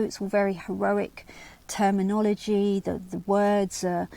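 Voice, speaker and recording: A woman's voice: mid-range voice, little pitch movement, measured pace, creaky, warm tone, no echo. A woman hosting a lecture on early medieval riddles, explaining at length with restarts and rhetorical asides, and reading verse aloud. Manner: reads quoted verse aloud. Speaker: channel host.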